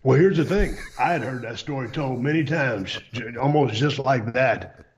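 A middle-aged man hosting a podcast, explaining a story in a relaxed, plainspoken way. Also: mid-range voice, normal speed, a little hiss or hum. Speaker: podcast host. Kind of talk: casual storytelling chat.

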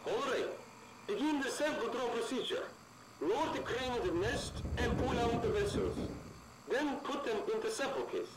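A man voicing a curt male science-facility supervisor who briskly gives orders and calls the player comrade. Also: very high-pitched, animated, roomy sound, very noisy. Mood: instructing. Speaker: supervisor in a horror game.

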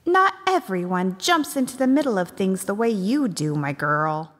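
A woman's voice: mid-range voice, moderate pace, dry recording. A woman voicing an earnest, spirited eighteen-year-old schoolteacher in an audiobook. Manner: lively, bright-toned dialogue reading.

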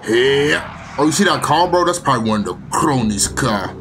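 A young man giving casual, joking commentary while playing a video game, prone to loud exclamations. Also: medium pitch, normal speed, noisy background. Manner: excitable, joking, shouts and exclamations. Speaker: gaming video host.

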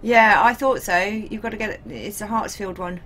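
A woman's voice: mid-range voice, normal speed, a bit bright, slight background noise. Chatty woman streamer. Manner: chatty, laughs often, reads chat aloud. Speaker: game streamer. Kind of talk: casual live-stream chat.

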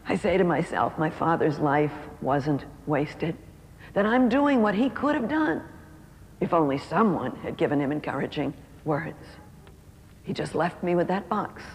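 A middle-aged woman speaking to an audience, her voice set a little low and carried by a long reverb through a large hall. She tells a story with feeling and stretches key words out slowly. A faint noise hums behind her. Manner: emotive, slows down for emphasis. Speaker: author and speaker. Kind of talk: storytelling talk.

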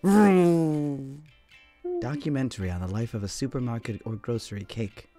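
A man's voice: medium pitch, sing-song, a little slow, over loud music. A man hosting an improv game stream, talking in a casual, rambling way with frequent restarts and stumbles. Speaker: host. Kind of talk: casual chat.

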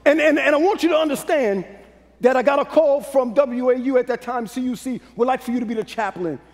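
A man preaches a sermon in a strikingly high register. He works the crowd in call-and-response, sinking to quiet confiding lines before climbing back to shouts. His voice rings with the long reverb of a big hall. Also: a little fast. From Brooklyn, New York. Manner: preachy call-and-response, swinging from low hush to shouted peaks. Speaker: pastor.

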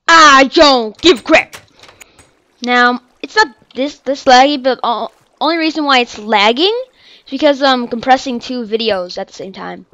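High bright young gamer, dull lo-fi mic. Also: female voice, dry recording. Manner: upset, cries out and shouts after dying; rambling, apologetic. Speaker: gameplay channel host. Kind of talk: casual game commentary.

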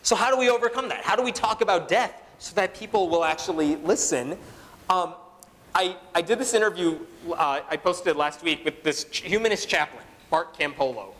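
A man gives a conference talk in a casual, conversational way. His voice sits a little high and carries a long hall reverb. He drops in fillers and quoted asides. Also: normal speed, fairly bright tone. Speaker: conference speaker. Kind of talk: public talk to an audience.

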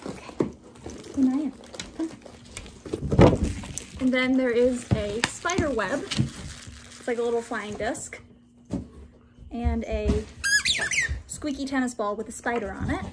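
A woman with a fairly high voice talks slowly and gently in a casual home vlog, showing off dog toys and treats and sweetly coaxing her dogs along the way. A steady hiss of noise sits under the recording. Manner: gentle, coaxing the dogs between item descriptions. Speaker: dog owner reviewing a subscription box.

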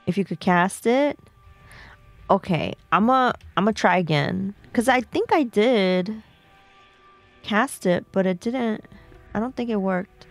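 Woman streamer, unhurried, chatty with viewers as she plays, faint game music under her voice. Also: medium pitch, animated, no room sound. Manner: chatty, talks to herself and chat while playing. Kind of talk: live game stream chat.

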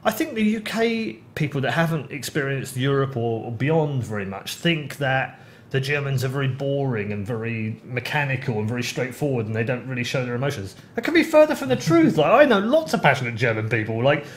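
Male podcast host, animated storyteller, mid-pitched, faint background hiss. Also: a little fast. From United Kingdom. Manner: animated storytelling, swings up in pitch when excited. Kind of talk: casual chat.

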